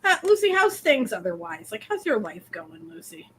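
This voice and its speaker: Lively high-voiced woman chatting animatedly. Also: slight background noise. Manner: animated storyteller, laughs often, quick asides. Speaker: co-host of a colouring stream. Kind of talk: casual chat. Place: at home, dryer running nearby.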